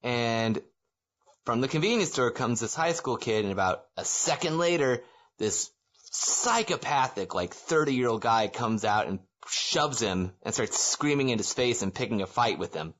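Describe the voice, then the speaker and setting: Male podcast co-host, mid-pitched, loose rambling delivery full of fillers, chuckles at his own story. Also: animated, normal speed, fairly bright tone. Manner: rambling, filler-heavy, laughs at himself. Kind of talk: casual storytelling chat. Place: living in Japan.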